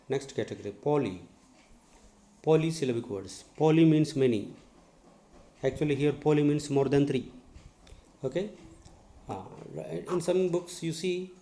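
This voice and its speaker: A male English teacher giving a lesson, spelling words letter by letter and repeating each one slowly. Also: on the high side, dark tone. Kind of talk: classroom lesson on syllables. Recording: echoey room.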